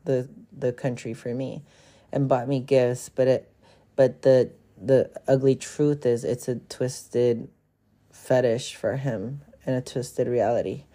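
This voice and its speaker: A man's voice: medium pitch, fairly even intonation, takes it slowly, mellow. A man in his twenties from California, hosting a podcast and telling a personal story in a frank, profane, rambling way full of fillers. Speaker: podcast host. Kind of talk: casual confessional storytelling.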